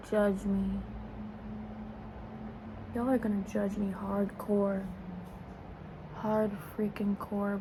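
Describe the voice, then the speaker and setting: Young woman fangirling on her phone cam like a facetime, rambly and gushy, talks slow, mid pitch. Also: darkish tone, slight background noise, poor audio. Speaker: vlogger. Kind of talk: casual get-ready-with-me vlog. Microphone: phone camera, as on a video call.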